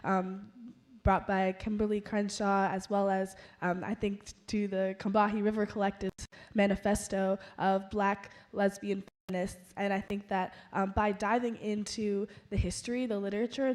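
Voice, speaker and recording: A young adult woman, a scholar reflecting thoughtfully on her experience, speaking in measured phrases with frequent pauses. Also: mid-range voice, darkish tone. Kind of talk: conversational reflection.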